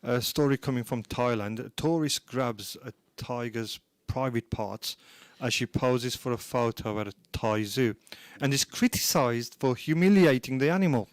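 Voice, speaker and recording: A man's voice: medium pitch, normal speed, few pauses, dry recording. A man co-hosting a radio show, reading out news items in a jokey, casual way, recorded dry in a studio. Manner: jokey, reads news snippets aloud. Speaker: radio co-host.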